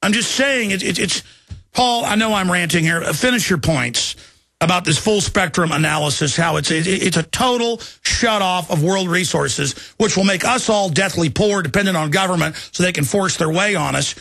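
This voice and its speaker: A heated man holds forth on his talk show, his voice gravelly and sharp-edged. His pitch sits somewhat high for a man. He rants in an agitated way and keeps building. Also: normal speed, no echo, clean studio sound. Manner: agitated, ranting, mimics people in shouted voices. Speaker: radio talk show host. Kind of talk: heated political rant.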